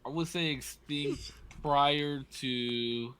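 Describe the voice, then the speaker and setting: A man's voice: on the high side, very slow, a bit bright, smooth. A young man co-hosting a casual podcast, asking the questions with blunt, teasing jabs and free swearing. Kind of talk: casual chat.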